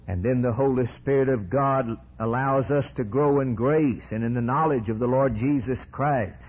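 A man preaching a sermon with passion, swinging from hushed lines to soaring cries. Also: medium pitch, moderate pace, few pauses, breathy edge, poor audio.

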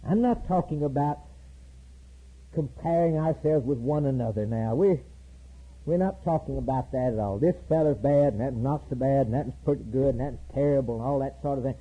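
A man preaching a sermon with a raspy voice, rising to loud high climaxes and slowing down for emphatic repeated lines. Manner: preaching with sudden loud high climbs and slow emphatic repetitions. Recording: tinny lo-fi recording.

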